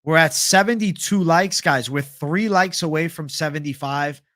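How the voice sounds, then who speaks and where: Young guy doing mma picks on a stream, kinda high voice, dry close sound, swears a lot. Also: moderate pace, fairly bright tone, dry recording. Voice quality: casual, profane, reads chat aloud. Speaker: MMA livestream host. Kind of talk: casual livestream fight picks chat.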